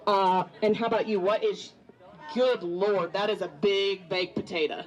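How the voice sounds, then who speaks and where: A woman's voice: mid-range voice, steady tone, unhurried, darkish tone, lo-fi sound. A woman emceeing a live eating contest on a handheld mic, bubbly and joking as she chats with contestants. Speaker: event emcee. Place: busy restaurant event.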